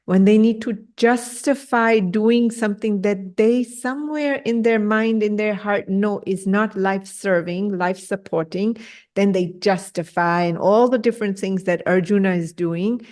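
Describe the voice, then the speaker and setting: A woman teaching an online scripture class, lively and direct, acting out the voices she quotes and checking in with her listeners. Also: mid-range voice, normal speed. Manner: animated, acts out quoted voices, asks listeners "yes?". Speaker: spiritual teacher. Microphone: video call.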